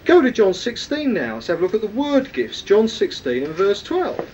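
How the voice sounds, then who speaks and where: Lively, high-voiced preacher. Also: male voice, normal speed, distant mic, dull audio, a little hiss or hum. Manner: lively, emphatic teaching with frequent questions to listeners. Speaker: preacher teaching a weekly series. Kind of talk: sermon.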